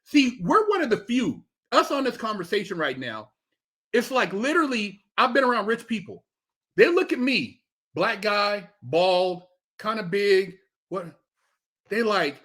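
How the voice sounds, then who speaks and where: Middle-aged male guest, very high pitch, emphatic storyteller with salty language. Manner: animated, emphatic, heavy swearing, acts out quotes. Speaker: podcast guest. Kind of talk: casual chat, storytelling.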